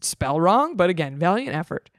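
A woman reading a story aloud in a dramatic way, breaking off for sarcastic, deadpan comments. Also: on the low side, normal speed, dry recording, clean studio sound. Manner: sarcastic, mocking asides; swings between dramatic reading and flat deadpan.

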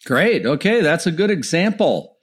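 A man's voice: a little high, very animated, normal speed, slightly rough. A man hosting an interview, asking friendly, curious questions. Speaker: interview host. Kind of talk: interview host.

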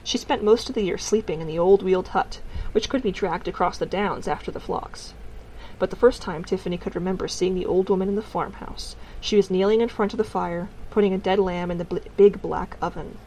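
Calm woman narrating a storybook. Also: mid-range voice, fairly quick, a little hiss or hum, low-quality recording. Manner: calm, gently wry storytelling. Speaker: audiobook narrator.

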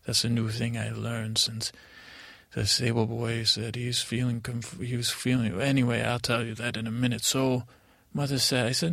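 A man plays a naive young prince telling his story in improvised comedy, halting and full of restarts. His voice is heavily gravelly. The sound is dry and close. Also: medium pitch, little pitch movement, a bit bright, no echo. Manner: halting, rambling, with many restarts and fillers. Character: naive boy prince Tommen narrating. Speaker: comedic narrator in character.

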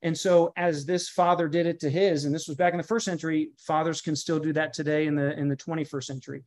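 A man's voice: on the high side, little pitch movement, fast talker, darkish tone. A man who is a pastor and guest author, speaking in a podcast interview with an emphatic, preacher-like manner that builds through lists and repeated phrases. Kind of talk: podcast interview, earnest teaching tone.

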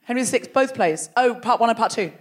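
A woman with a high, bright voice works a live theatre crowd as a comedy podcast host. She teases and banters with an animated delivery, speaking into a stage microphone. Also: fast talker. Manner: teasing, animated, laughing between jokes. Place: large theatre stage before a live audience.

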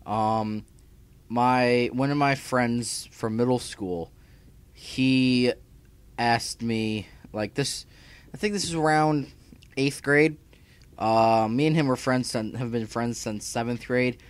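A man's voice: mid-range voice, slow pace, clean tone. A young man talking to his YouTube viewers from home, chatty and scattered, full of fillers and restarts. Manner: chatty, scattered, self-interrupting, filler-heavy. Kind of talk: casual vlog chat. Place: home room.

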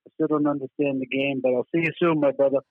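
A man's voice: medium pitch, steady tone, fast, no echo. Boston man on a tinny phone line. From Boston, USA. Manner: laid-back, swears freely, tells stories with acted quotes. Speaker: band musician guest. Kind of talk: casual phone interview.

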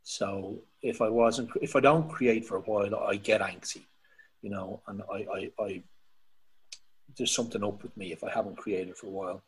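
A man with an Irish accent, a poet talking casually as a podcast guest, reflective and halting with many restarts. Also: lowish voice, steady tone, husky, poor audio. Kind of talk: casual conversation.

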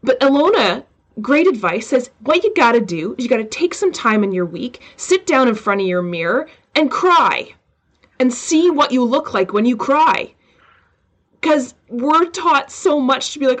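A woman hosting a casual podcast interview, animated and quick, often slipping into quoted asides. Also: high voice. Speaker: podcast host.

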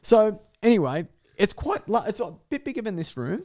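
A young man telling an animal story with animated energy, swearing and laughing as he goes. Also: high-pitched, moderate pace. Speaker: guest storyteller. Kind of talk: casual podcast storytelling.

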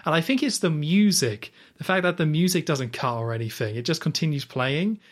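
Brisk and fairly high-pitched, a man co-hosting a podcast casually walks through a film scene. His retelling is peppered with "like" and lighthearted asides voicing characters' reactions.

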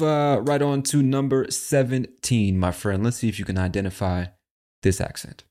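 A man's voice: medium pitch, normal speed, warm tone. A man hosting a podcast in a brash, chatty style, swearing freely. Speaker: podcast host. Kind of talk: casual podcast chat.

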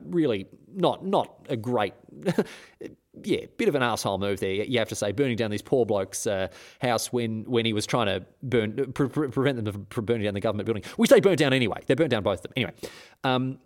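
A man hosts a comedic history podcast in a mid-range voice. He rambles irreverently, often trips over words and starts again, and mocks the people in his stories. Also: medium pitch. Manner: irreverent, rambling, with stumbling restarts. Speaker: host.

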